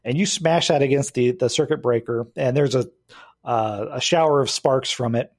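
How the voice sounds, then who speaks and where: A man's voice: mid-range voice, moderate pace. A man acting as game master, explaining rules and narrating a tabletop game with frequent hesitations.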